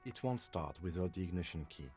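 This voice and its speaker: A calm, mellow police lieutenant. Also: male voice, sits low, faint music behind. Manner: calm, measured, matter-of-fact. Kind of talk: video game voice acting.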